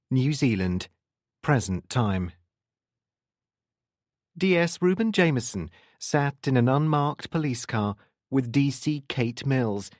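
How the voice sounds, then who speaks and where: A man narrates a crime thriller, steady but expressive, with an animated rise and fall. The close studio recording is dry, with no room sound. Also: mid-range voice, no echo. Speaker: audiobook narrator. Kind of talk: scripted audiobook narration.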